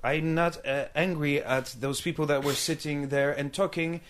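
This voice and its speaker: Male comedian, casual podcast chat, lively storyteller who acts out characters. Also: a little high, normal speed. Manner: animated storytelling, acts out drunk hecklers in loud shouts.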